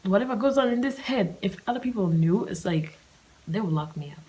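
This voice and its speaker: A woman's voice: mid-range voice, fairly quick, a little mellow, a little hiss or hum, poor audio. A young woman telling a story on her solo podcast, chatty and slangy, often dropping into a whisper. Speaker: podcast host.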